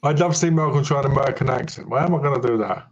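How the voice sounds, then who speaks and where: A man co-hosting a live stream, talking in a relaxed, rambling casual chat with hesitations. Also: mid-range voice, rapid-fire. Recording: slightly muffled stream audio.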